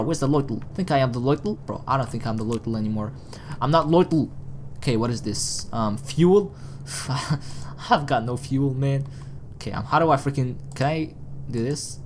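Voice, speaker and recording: A woman giving casual let's-play commentary at her computer, excitable and chatty, often chatting to objects in the game. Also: lowish voice, a little hiss or hum. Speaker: gaming channel host.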